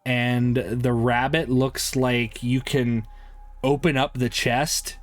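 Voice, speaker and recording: Slow, rambling male game master. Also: mid-range voice, little pitch movement, faint music behind. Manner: loose and rambling, many fillers. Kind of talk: narrating a tabletop game.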